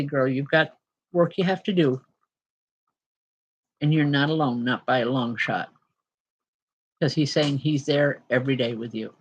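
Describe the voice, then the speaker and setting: A woman giving live spirit-message readings as host, chatty and apologetic, with frequent ums and an emotional edge. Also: very deep voice. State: emotional at times. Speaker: spiritual medium and show host.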